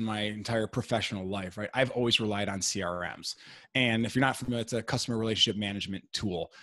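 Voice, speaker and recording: A man's voice: mid-range voice, no echo. Man explaining business plainly, dry sound. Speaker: podcast guest, real estate investor; salesperson. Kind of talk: casual interview talk.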